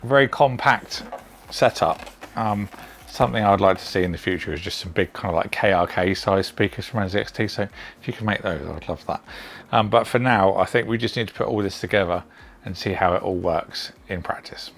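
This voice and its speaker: A British man giving a relaxed, chatty overview of audio gear he is testing, with the odd um and like. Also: low voice, a little fast, gravelly. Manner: relaxed, chatty, sprinkled with ums and likes. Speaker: tech reviewer. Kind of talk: casual product overview.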